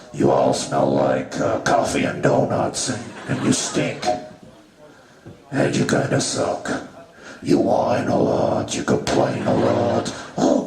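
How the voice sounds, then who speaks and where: A man's voice: extremely low pitch, creaky, darkish tone, heavily acted. A man doing stand-up as a crude, callous male god who mocks his worshippers. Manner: crude, mocking and swaggering. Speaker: stand-up comedian. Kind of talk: stand-up comedy in character. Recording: roomy live venue from far off, audience noise.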